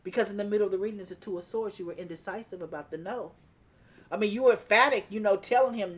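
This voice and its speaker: A woman reads tarot cards in a medium-pitched voice at a quick pace, speaking emphatically, repeating her points, and chuckling now and then.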